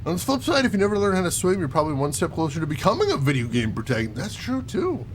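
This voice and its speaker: A man's voice: a little high, wildly swooping pitch, very fast, slight background noise. A man hosting a let's play, giving wry, joking running commentary as he plays. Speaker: gaming channel host.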